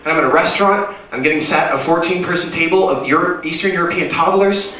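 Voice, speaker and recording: Stand-up comic guy rambling on stage, kinda high voice, far off noisy mic. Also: animated, fairly quick, heavy reverb, crowd noise. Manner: rambling, self-deprecating, jumps into silly voices. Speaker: stand-up comedian. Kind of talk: stand-up set at an open mic. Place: small comedy club stage.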